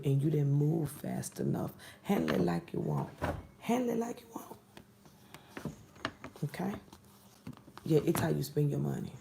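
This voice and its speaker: A woman's voice: deep voice, gravelly, noisy background. A woman giving a casual tarot reading to camera, blunt and exasperated, often dropping into whispered asides. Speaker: tarot reader.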